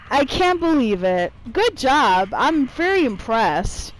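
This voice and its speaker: A woman narrates her gameplay live, swearing and grumbling at the other players. Her voice sits a bit high and swings widely in pitch. She talks at an unhurried pace. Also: very animated, poor audio. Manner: profane, irritated trash talk at opponents. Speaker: gameplay streamer.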